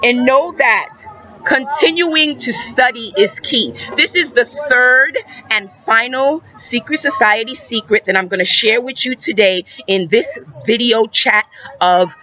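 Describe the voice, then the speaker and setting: A woman's voice: on the high side, a little slow, pushed and bright. A woman giving emphatic, repetitive spiritual advice to young viewers in a preacherly way. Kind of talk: metaphysical advice talk. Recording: dull lo-fi recording.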